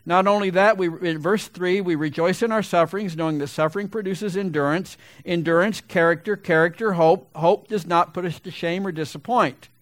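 A middle-aged man preaching a sermon, his high voice turning loud and emphatic as he builds each point. There is a slightly gravelly edge to his delivery, and the sound is close and dry with little room around it. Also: normal speed, hardly any pauses, dry recording. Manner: loud, emphatic preaching that swells to big peaks. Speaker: pastor.

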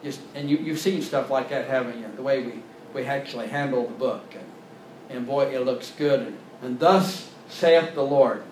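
A man's voice: mid-range voice, steady tone, normal speed, darkish tone, a little hiss or hum. A man preaching a sermon as a pastor, talking plainly and building to emphatic points. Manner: conversational preaching, rising to emphatic.

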